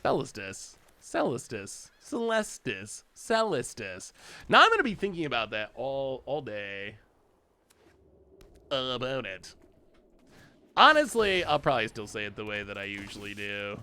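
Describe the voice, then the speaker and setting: Lively, bright-voiced man commentating a game. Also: medium pitch, moderate pace, long pauses, clear, resonant tone, dry recording. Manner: chatty, laughs often, talks to opponent and chat. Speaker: streamer playing a card game. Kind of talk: casual gameplay commentary.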